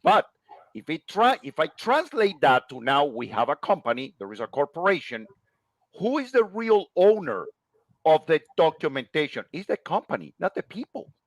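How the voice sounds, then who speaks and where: A man with a fairly high voice, a guest in a casual conversation. He lays out his points by asking questions and answering them. The sound is dry and close. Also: sing-song, normal speed, dry recording. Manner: explains with rhetorical questions. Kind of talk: casual chat.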